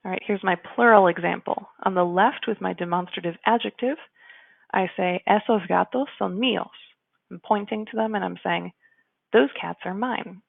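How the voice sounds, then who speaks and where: A woman with a gravelly edge to her voice explains grammar as a teacher, chatty and slowing down for her example sentences. The sound is dry and close, with no room around it. It also comes through narrow and tinny, like a phone call. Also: mid-range voice, dry recording. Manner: chatty, apologetic asides, slows to model example sentences. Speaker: Spanish teacher. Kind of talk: explanatory lesson.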